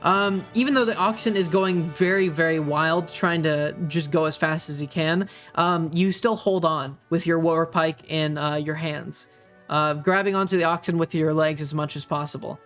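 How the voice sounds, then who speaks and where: A young man runs a tabletop game, narrating in a fairly high voice with frequent ums and uhs. Faint music plays behind him. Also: fairly even intonation, a bit bright. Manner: halting, many ums and uhs. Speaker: game master.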